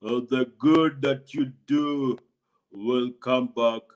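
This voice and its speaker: A man voicing a mysterious hunchbacked stranger who speaks slow, grave warnings. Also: medium pitch, steady tone, voice pushed down, close to an everyday voice. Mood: solemn.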